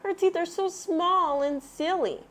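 A woman puts on a tiny boy bear cub from a storybook who gets upset easily. His voice is squeaky and childlike, pitched very high. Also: a little slow. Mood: wondering.

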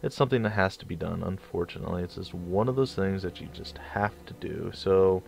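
A man's voice: low voice, fairly quick, creaky, darkish tone. A young man casually commentating his strategy game, rambling and stumbling over his words. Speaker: let's play host.

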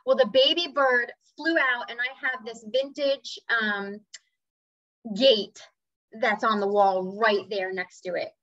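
Speaking slowly with fairly even intonation, a woman with a slightly high, somewhat bright voice shares a personal story in an earnest, casual talk. She's a spiritual speaker who now and then mimics voices and birdsong, captured in a slightly dull, dry recording.

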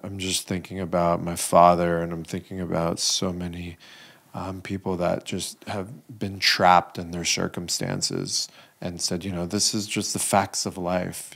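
Casting: low, gravelly podcast host, slow and affirming. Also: male voice. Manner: slow, soft-spoken, affirming. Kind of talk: reflective interview talk.

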